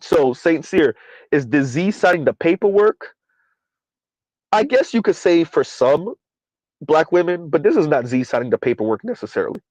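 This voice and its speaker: A man's voice: on the high side, very animated, moderate pace, a little mellow, no echo, rough recording. A man hosting a live-streamed commentary show, talking emphatically to viewers and reading their comments, often repeating lines for effect. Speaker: livestream commentary host.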